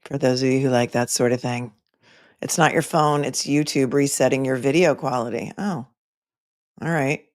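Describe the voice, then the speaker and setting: A woman's voice: rumbling low, fairly even intonation, normal speed, darkish tone, no room sound, studio quality. A woman hosting a casual livestream, chatting with viewers and making wry asides while she waits, talking into a phone. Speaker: livestream host. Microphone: phone microphone.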